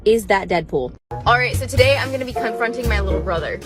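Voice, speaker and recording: A young woman telling a casual storytime to her phone camera in a chatty, animated way, full of "like". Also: a little high, quick pace, faint music behind. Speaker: TikTok creator.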